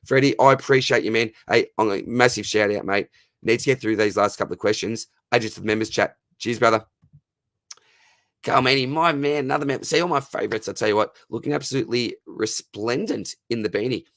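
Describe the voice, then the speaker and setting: A man in his thirties with an Australian accent, hosting a casual live Q&A, friendly and matey, his voice going hoarse. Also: mid-range voice, fairly quick, a bit bright, dry recording. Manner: matey and friendly, calls viewers mate and brother. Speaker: livestream host answering fantasy football questions.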